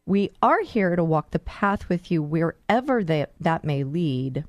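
An earnest, encouraging woman hosts a radio talk show, with a low voice. The sound is dry and close, with no room echo. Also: sing-song, a little slow, dull audio.

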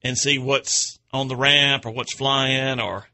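A man's voice: mid-range voice, steady tone, takes it slowly, pushed and bright. A man hosting an outdoors radio show, chatting in a rambling, folksy way and chuckling at his own stories. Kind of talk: casual radio chat.

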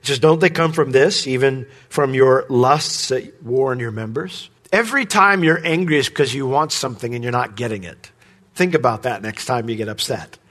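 A pastor preaching a sermon, who climbs high and loud when he voices other people's demands and drops low and soft at the ends of phrases. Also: normal speed. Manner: rises sharply in pitch and volume when voicing the criminal's demands.

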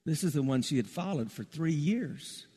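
A man's voice: animated, normal speed, breathy edge. Impassioned male pastor, sermon in a hall. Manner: passionate preaching, swinging from soaring highs to hushed tender lows. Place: church sanctuary. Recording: reverberant church hall.

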